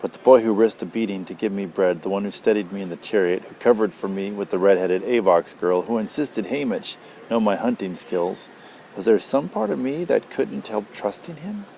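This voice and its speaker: A father reading a novel aloud to his child, gentle and unhurried. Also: fairly low pitch, animated, vocal fry, a little hiss or hum. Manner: gentle, unhurried, tender asides.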